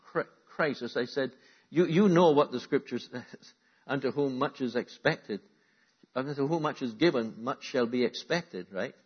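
Husky male preacher, sermon in a church, swings between forceful exhortation and low asides, dull lo-fi recording. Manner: swings from loud emphatic exhortation to quiet asides.

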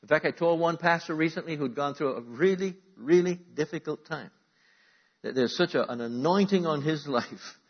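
Husky male preacher, sermon in a church, swings between forceful exhortation and low asides, dull lo-fi recording. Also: normal speed. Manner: swings from loud emphatic exhortation to quiet asides.

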